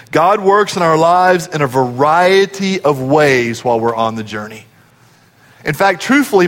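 Male pastor, high voice, storytelling sermon that climbs to emphatic peaks, long sanctuary reverb.

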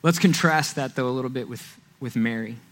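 A man preaching a sermon in a conversational, animated way, walking as he speaks. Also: mid-range voice, fairly quick, faint music behind.

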